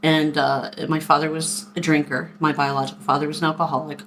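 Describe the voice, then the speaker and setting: Low-voiced chatty woman telling stories. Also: fairly quick, a little hiss or hum. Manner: chatty, animated, quoting people in her stories. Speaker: vlogger. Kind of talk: casual storytelling to camera.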